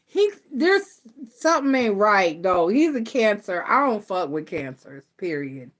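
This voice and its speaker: A middle-aged woman hosting a live tarot stream, chatting casually and telling stories in a blunt, animated way. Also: medium pitch, a little slow. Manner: animated storytelling, blunt and laughing. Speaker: tarot reader host.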